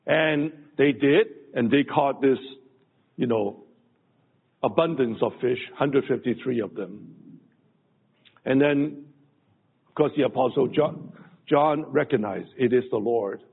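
Slow gravelly preacher on a tinny line. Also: male voice, medium pitch. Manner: slow, halting delivery with many pauses and restarts. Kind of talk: sermon. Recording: phone-like lo-fi audio with long hall reverb.

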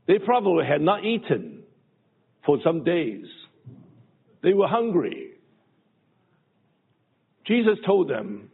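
Man preaching slow n halting, bit high voice, gravelly, sounds like a phone recording. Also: very animated. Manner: slow, halting delivery with many pauses and restarts. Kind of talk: sermon. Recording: phone-like lo-fi audio with long hall reverb.

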